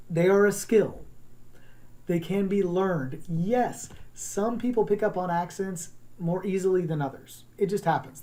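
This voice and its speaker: Mellow-voiced teacher giving an encouraging lesson. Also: medium pitch. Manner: encouraging, conversational, demonstrates sounds. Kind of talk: recorded class lesson on accents.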